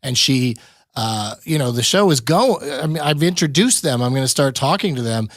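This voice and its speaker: A man's voice: medium pitch, lively intonation, moderate pace, dry recording, clean studio sound. A man hosting a podcast, telling stories in a wry, joking way and laughing often. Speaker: podcast host. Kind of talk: casual interview chat.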